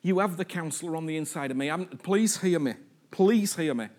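A man's voice: a little high, a little fast, darkish tone. A man preaching a sermon, emphatic and repetitive, often asking the congregation if they understand him.

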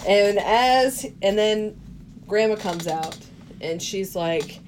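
A woman's voice: medium pitch, big pitch swings, drawn-out words, long pauses, darkish tone, slight background noise. A woman co-hosting a casual podcast, retelling movie scenes and acting out the characters' lines with frequent laughter. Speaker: podcast co-host. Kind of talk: casual movie recap chat.

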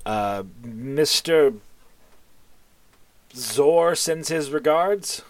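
A man's voice: on the high side, animated, extremely slow, no room sound, voice pushed up. A man voicing a wary, blunt male town gate guard, speaking in a dry, close voice.

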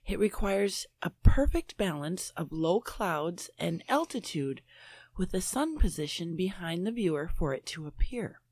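Female panelist, reads stories aloud, animated pitch, dry studio sound. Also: unhurried, no room sound. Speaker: podcast panelist. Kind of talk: reading news stories aloud.

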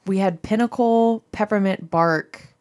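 A woman's voice: medium pitch, unhurried, a little mellow. A woman in her thirties from northern Ohio, co-hosting a casual podcast and laughing often. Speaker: podcast co-host. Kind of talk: casual chat.

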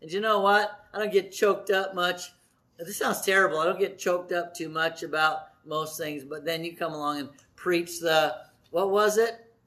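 High-voiced chatty man preaching. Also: normal speed, pushed and bright. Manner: chatty and jokey, laughs often. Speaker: pastor. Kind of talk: sermon with church announcements. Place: church sanctuary.

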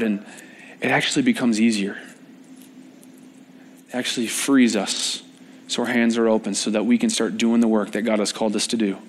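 Young guy preaching, chatty sermon, jokes with the crowd then gets all fired up. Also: medium pitch. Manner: informal, joking with the congregation, rising to animated emphasis. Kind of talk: conversational sermon. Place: church service.

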